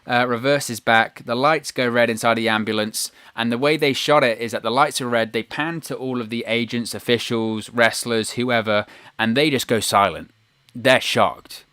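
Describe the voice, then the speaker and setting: A man giving an opinionated, animated solo review of a wrestling show on his video channel, acting out quotes in a raised voice. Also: mid-range voice, moderate pace, clear, resonant tone, no echo, clean studio sound. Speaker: wrestling news YouTuber.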